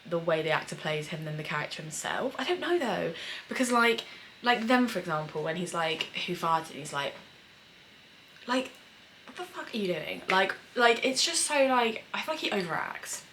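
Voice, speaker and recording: A young woman with a low voice talks through a show in a loose, rambling way, piling on fillers and the odd swear word. A faint hiss sits under her voice. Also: very animated, normal speed, a bit bright, poor audio. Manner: chatty, many fillers, emotional and swearing. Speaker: screenwriter reacting to a series. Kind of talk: casual reaction commentary.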